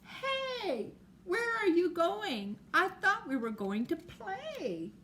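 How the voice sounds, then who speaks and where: Brief: upset tantrum-prone little girl, voiced by a woman, very high and dragged out, whiny. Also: very animated, fairly bright tone, a little hiss or hum, heavily acted. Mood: eager. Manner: whiny, drawn-out childish pleading.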